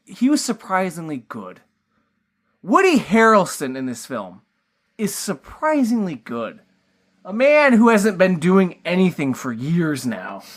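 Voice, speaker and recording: A man's voice: a little high, fairly bright tone. A man co-hosting a podcast, reviewing a film in rambling, casual chat full of fillers and offhand swearing. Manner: mock voices when quoting characters. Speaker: podcast co-host.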